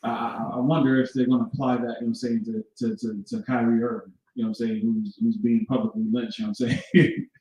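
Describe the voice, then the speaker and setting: Mellow man, far off in an echoey room. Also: mid-range voice, level tone. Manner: rambling, filler-heavy, halting. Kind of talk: casual chat. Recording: distant mic in very echoey room.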